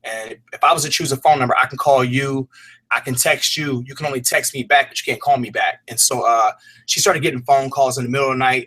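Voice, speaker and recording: Bright-voiced man telling a personal story. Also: mid-range voice, quick pace, husky, poor audio. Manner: earnest, rambling, frequent fillers and restarts; casual slang. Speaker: fitness program creator, interview guest.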